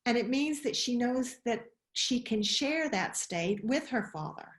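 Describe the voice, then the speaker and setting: Woman speaker in a webinar, expressive, asks the room stuff, roomy echo. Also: a little high, a little slow. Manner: expressive, acts out quoted voices, asks questions. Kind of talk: animated talk.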